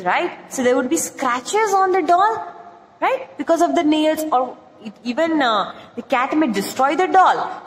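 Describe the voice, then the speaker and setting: High-voiced teacher in an echoey room. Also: female voice, fairly bright tone, slight background noise. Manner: explains words slowly, asks pupils questions. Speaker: English teacher. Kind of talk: classroom story lesson. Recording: echoey room with long reverb.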